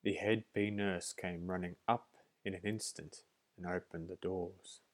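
Slow deep-voiced male storyteller. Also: steady tone. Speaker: narrator. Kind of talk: storybook reading.

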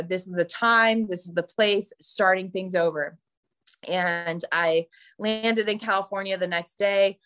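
A woman's voice: medium pitch, fairly bright tone. A woman guest on a podcast, candidly telling her personal recovery story and acting out voices from it.

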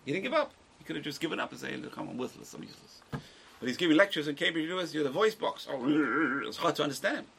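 An older man teaches a small class at a quick clip, his voice gravelly and edged with a bright, forceful bite. He tells stories animatedly, often restarting and adding asides. A faint noise sits behind him. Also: on the high side, lively intonation. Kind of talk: lively lecture to a small group.

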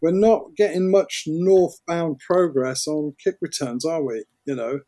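A man's voice: on the high side, unhurried, mellow, no room sound. A man with a British accent, co-hosting a casual sports podcast, blunt and opinionated. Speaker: podcast co-host.

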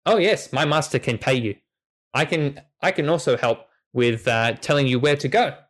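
A man's voice: mid-range voice, moderate pace, lightly acted. A man voicing an eager, loyal male farm dog who speaks in simple, broken sentences and pleads for help.

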